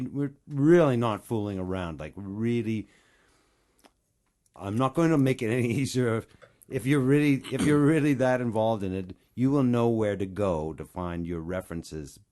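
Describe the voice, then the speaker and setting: A man's voice: lowish voice, mellow. A man, a voice actor guest, talking in a casual, earnest and rambling way with side digressions. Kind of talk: casual interview chat.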